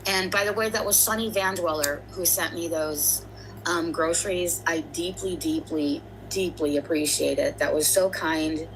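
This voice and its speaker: A woman's voice: low voice, fairly even intonation, moderate pace, background noise. A woman hosting a casual livestream, chatty and rambling as she greets and thanks viewers. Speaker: livestream host.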